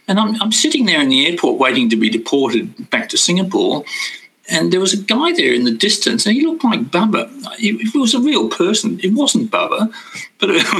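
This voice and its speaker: A man's voice: a little high, gravelly, sharp tone, rough recording. An older man casually recalling personal spiritual experiences, rambling and self-interrupting, chuckling often.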